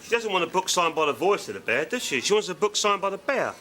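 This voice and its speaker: A man's voice: high-pitched, big pitch swings, fast talker, sharp tone, exaggerated voice. A man playing an aggressive father who threatens another man. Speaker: angry father.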